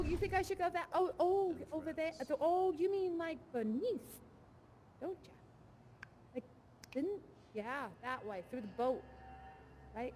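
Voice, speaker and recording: Giggly young woman who wants to bartend, high voice, bouncy swooping delivery, rambling chat into a headset mic. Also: a little hiss or hum. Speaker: live performer in an immersive virtual reality show. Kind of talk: improvised live character chat.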